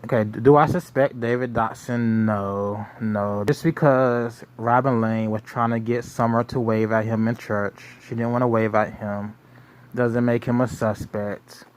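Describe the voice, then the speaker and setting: Slow, rambling male commentator. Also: mid-range voice, steady tone, clean tone. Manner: rambling, musing, repeats himself. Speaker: show host. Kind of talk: casual commentary.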